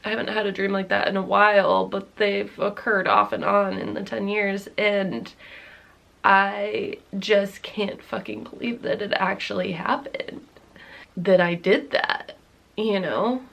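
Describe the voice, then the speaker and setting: A woman's voice: medium pitch, steady tone, unhurried, vocal fry, fairly bright tone. A woman in her thirties telling a personal story to camera in a rambling, candid way, full of "like"s, swearing and nervous laughs. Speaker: vlogger.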